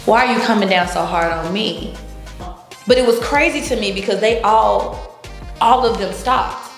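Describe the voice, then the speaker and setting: A woman speaks at a moderate pace in a mid-range voice while being interviewed, casually telling her story with plenty of laughter and acted-out quotes. The sound is roomy, and music plays faintly behind her.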